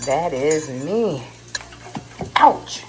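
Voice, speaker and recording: Drawing out her words in an expressive, low-pitched voice, a middle-aged California woman chats casually to her vlog audience. She rambles and laughs at herself in the car, where car noise can be heard, then in her home kitchen.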